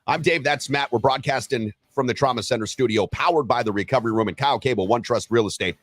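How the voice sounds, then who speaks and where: A man co-hosting a sports talk show, teasing and lively in a casual way. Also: medium pitch, quick pace, no echo. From Western Wisconsin. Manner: animated, teasing, lively delivery. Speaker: co-host of a sports radio show.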